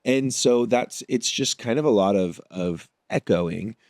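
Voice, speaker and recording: A man with a fairly low voice talks as an actor guest in a relaxed interview. He reflects as he goes, building his answers bit by bit. The sound is dry and close, with no room around it. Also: a little slow, no echo. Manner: thoughtful, works through ideas aloud. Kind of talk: casual interview conversation.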